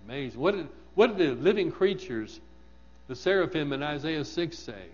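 A man's voice: a little high, animated, moderate pace, big-room sound, muffled recording, slight background noise. A man preaching a sermon, asking his congregation questions and repeating words for emphasis.

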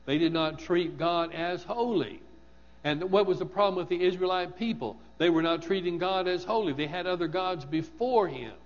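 A man's voice: high voice, moderate pace, long reverb tail, lo-fi sound. A man preaching a sermon, asking his congregation questions and repeating words for emphasis.

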